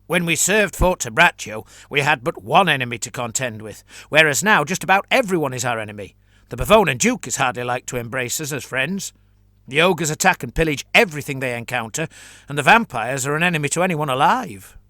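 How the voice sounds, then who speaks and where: A man's voice: fairly high pitch, animated, a little fast, pushed and bright, dry recording. A man voicing a pessimistic, thorough male mercenary chancellor who argues in an earnest, methodical way.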